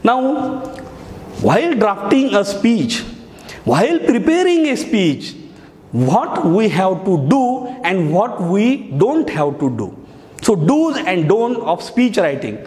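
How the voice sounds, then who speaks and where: A man's voice: sits high, very animated, slow pace, darkish tone. A male teacher giving a lesson on speech writing, explaining each step and repeating key phrases. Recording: echoey hall.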